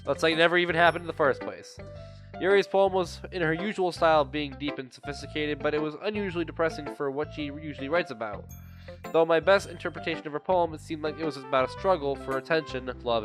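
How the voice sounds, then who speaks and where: A young man reading a visual novel game aloud and chatting between lines, his throat sore and coughing. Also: fairly high pitch. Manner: chatty, rambling asides. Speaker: gaming video creator.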